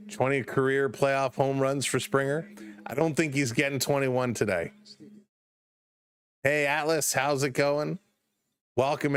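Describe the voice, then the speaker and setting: A man's voice: mid-range voice, no room sound. A man from Toronto with a Canadian accent, hosting a live baseball stream, calling play-by-play while chatting with viewers by name, and sounding tired from the late game. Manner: chatty, greets viewers by name, shifts between calm and excited. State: tired, up past bedtime. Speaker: livestream play-by-play host. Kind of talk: casual play-by-play commentary with chat replies.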